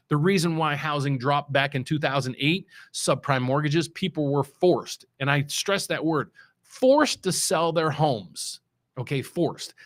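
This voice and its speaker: On his show, a middle-aged mortgage loan officer from West Virginia gives loose, rambling market commentary that is casual and unscripted. He speaks at a fairly high pitch, restarting often and hitting key words hard.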